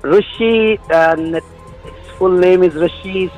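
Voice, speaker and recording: A man from Pakistan calling in to a radio quiz, effusive and excited, stalling on some answers. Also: high-pitched, measured pace, lo-fi sound, soft background music. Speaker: radio caller. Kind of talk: phone-in quiz contestant.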